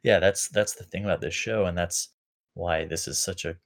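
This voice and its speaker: A young man talking casually as a podcast co-host, reflective and halting, full of fillers and restarts. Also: low voice, steady tone.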